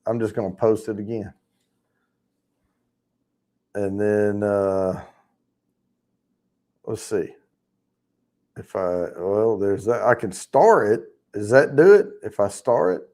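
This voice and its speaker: A man's voice: on the low side, expressive, takes it slowly, pauses often, warm tone. A man hosting a casual livestream, rambling and chatting with viewers in the chat, swearing freely as he talks. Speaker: livestream host.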